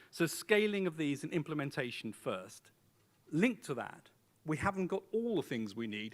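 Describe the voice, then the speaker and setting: A middle-aged man with a mid-range voice gives a formal, measured speech at a conference. He sets out his points one by one, stressing them deliberately.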